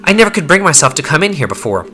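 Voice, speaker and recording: A man reading as a gruff young fighter. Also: fairly high pitch, big pitch swings, rapid-fire, bright, forceful tone, soft background music, voice pushed up. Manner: rough, slangy, blunt. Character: gruff young male fighter, rough-spoken. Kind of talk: fan voice-over reading of game dialogue.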